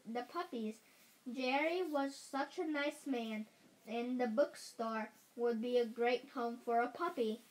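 Woman reader, high voice, unhurried, stumbles and restarts, children's chapter book. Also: poor audio. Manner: careful reading with frequent slips and restarts.

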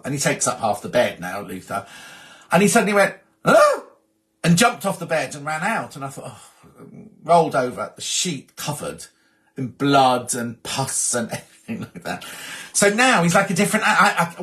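A man's voice: fairly high pitch, a bit bright. A man hosting a casual live stream, reading out viewer messages in a chatty, rambling way and often breaking off mid-sentence. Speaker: host.

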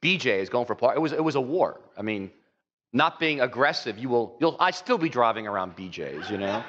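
A man's voice: medium pitch, animated, fairly quick, fairly bright tone. Male pastor giving an off-the-cuff sermon with acted-out asides; muffled recording in a reverberant hall. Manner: conversational, full of "you know" asides, acts out quoted voices. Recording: dull, echoey hall recording.

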